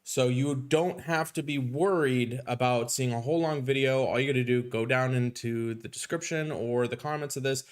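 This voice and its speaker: A man's voice: medium pitch, normal speed, hardly any pauses, clean tone. A man hosting a casual game live stream, upbeat and chatty as he greets viewers by name.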